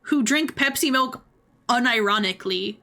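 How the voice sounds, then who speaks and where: A young adult woman giving casual livestream commentary, animated, laughing often and swearing freely. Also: on the high side, moderate pace. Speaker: streamer.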